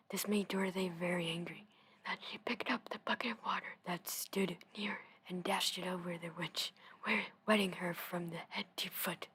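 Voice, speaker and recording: A young woman reading a storybook in a soft whisper into a close mic, with casual chatty asides. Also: on the low side, steady tone, normal speed, slight background noise. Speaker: gaming video host reading aloud.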